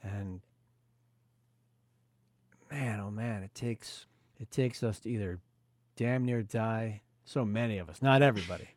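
A male podcast host with a lowish, mellow voice, speaking earnestly and reflectively. He circles his thoughts with frequent fillers. The sound is dry and close. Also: a little slow, pauses often, no echo. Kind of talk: casual podcast conversation.

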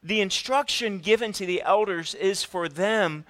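A man preaching a sermon, telling a family story in an animated way and putting questions to the congregation. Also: high voice, unhurried. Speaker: pastor.

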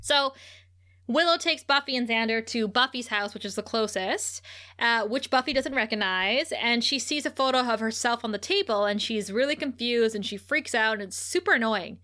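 Bright-voiced, giggly woman recapping. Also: a little high, normal speed. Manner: animated, giggly storytelling. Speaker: podcast co-host. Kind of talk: casual TV episode recap chat.

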